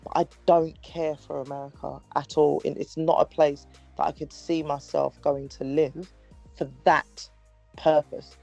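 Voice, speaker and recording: A woman co-hosting a casual chat, calmly explaining and steering the conversation. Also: deep voice, unhurried, gravelly. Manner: calm, explains at length, steers the talk. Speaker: podcast co-host. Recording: faint music behind.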